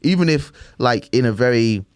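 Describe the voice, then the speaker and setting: A man's voice: mid-range voice, lively intonation, normal speed, smooth, dry recording, clean studio sound. Rambling man in casual podcast chat. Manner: rambling, fills with "do you know what I mean". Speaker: podcast co-host.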